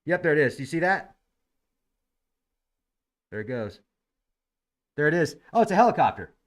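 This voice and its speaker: Lively, musing man commenting on footage. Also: fairly high pitch. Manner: musing, sarcastic, quick to laugh. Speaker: host commenting on live webcam footage. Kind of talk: casual thinking-aloud commentary.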